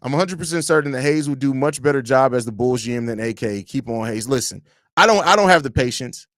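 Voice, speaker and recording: A man with a Chicago accent hosting a live podcast stream, reading chat comments and ranting in a blunt, profane, animated way. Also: medium pitch, fast, no room sound, clean studio sound.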